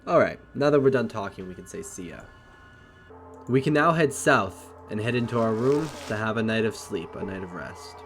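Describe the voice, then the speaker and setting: A man narrating his game playthrough, explaining each step in a steady reading manner. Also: lowish voice, fairly quick, few pauses, soft background music. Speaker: gameplay narrator. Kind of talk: let's play narration.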